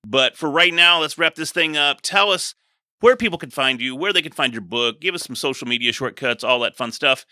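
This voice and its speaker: Male podcast host, friendly and easygoing; very bright tone. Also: medium pitch, fairly quick, no echo, clean studio sound. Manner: friendly, laughs along easily. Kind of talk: casual podcast interview.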